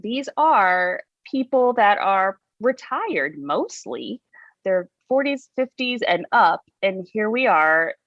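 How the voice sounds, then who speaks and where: A woman's voice: on the low side, no echo, lo-fi sound. A woman being interviewed, candidly recounting her own story in a casual, conversational way with restarts and fillers.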